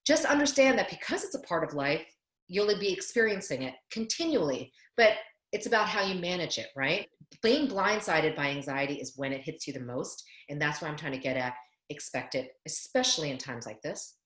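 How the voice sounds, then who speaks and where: A woman's voice: low voice, animated, fairly quick, a bit bright, echoey room. Earnest woman giving a webinar talk. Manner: earnest, explanatory, with restarts and rhetorical questions. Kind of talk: webinar presentation on coping. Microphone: video call.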